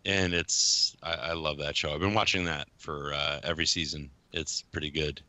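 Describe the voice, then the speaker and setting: A man co-hosting a podcast in casual chat, talking in a relaxed, rambling way and repeating words. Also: extremely low pitch, normal speed, no echo. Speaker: podcast co-host.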